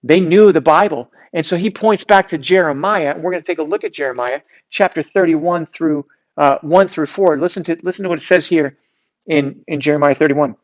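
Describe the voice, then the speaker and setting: Youth pastor preaching casually, a bit dull. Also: male voice, a little high, fairly quick. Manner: conversational preaching with restarts and reading scripture aloud. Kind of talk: sermon.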